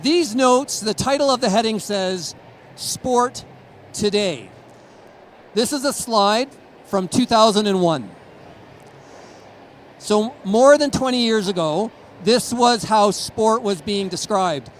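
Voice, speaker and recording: A man's voice: high voice, slow, long pauses, a little hiss or hum, rough recording. A middle-aged man from Canada giving a conference presentation, telling stories with chuckles and acting out quotes. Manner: storytelling, chuckles, acts out quotes. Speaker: conference speaker.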